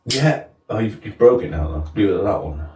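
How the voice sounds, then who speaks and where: Laughing man, lively, roomy sound. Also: fairly low pitch, normal speed, distant mic. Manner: jokey, laughs often, slips into silly put-on accents. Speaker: podcast co-host. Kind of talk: casual chat.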